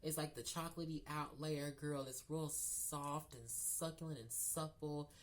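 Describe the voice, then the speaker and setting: This man's voice sits on the high side and moves a little slowly. He's a vlogger telling viewers a casual storytime, sassy and gossipy, calling them "girl" and "y'all," animated with laughter and sudden loud outbursts.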